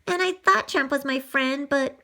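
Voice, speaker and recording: Brief: animated woman storyteller, very high, bright voice, pitch all over the place. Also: normal speed. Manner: animated, breathless, first-person dog narration. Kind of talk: storybook reading.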